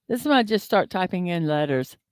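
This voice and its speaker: In clean studio-quality audio with no room sound, a woman with a lowish voice runs a casual daily morning stream from her desk microphone. She puzzles over words out loud, says um and uh a lot, and reads out what viewers write.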